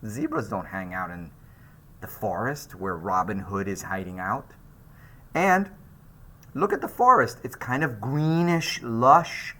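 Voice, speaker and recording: A man giving a slide lecture on art, and his voice is bright with a forceful edge. He talks in a loose, conversational way, full of fillers and restarts. His pitch rises and falls freely. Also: sing-song, measured pace. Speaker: art instructor.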